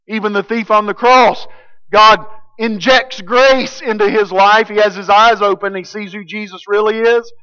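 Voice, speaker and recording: Emphatic high bright-voiced male preacher. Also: fairly even intonation, moderate pace, clean tone, dull audio. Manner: emphatic, swings from loud declarations to hushed intensity. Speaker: pastor. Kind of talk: sermon.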